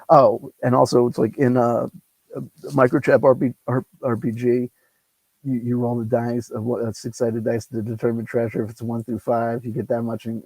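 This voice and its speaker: A man's voice: medium pitch, gravelly, a little mellow, slightly rough, no echo, poor audio. A man hosting a solo tabletop game on a lapel mic, rambling and ranting, swearing freely. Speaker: solo tabletop game player and channel host. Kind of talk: casual solo game commentary.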